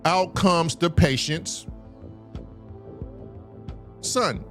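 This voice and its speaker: A man from Southern California telling a long story on a live show, animated and profane, acting out the dialogue. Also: fairly high pitch, very slow, faint music behind.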